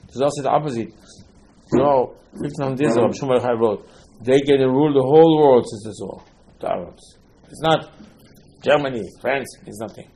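A man's voice: medium pitch, a little fast, mellow, poor audio. A man giving an informal Torah lesson as a rabbi, speaking non-standard English, repeating himself and firing rhetorical questions.

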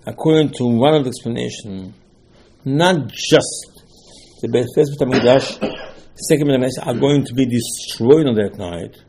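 A man teaching a Torah class, animated and full of rhetorical questions, voicing the listener's protests. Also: medium pitch, gravelly, slight background noise. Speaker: rabbi teaching Talmud.

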